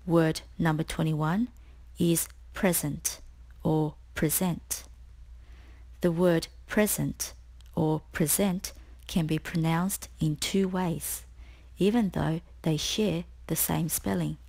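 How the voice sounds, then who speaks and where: A woman tutor reading a scripted spelling lesson, explaining each word slowly and clearly. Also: low-pitched, fairly even intonation, mellow. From Australia. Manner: slow, clear, deliberate explanations.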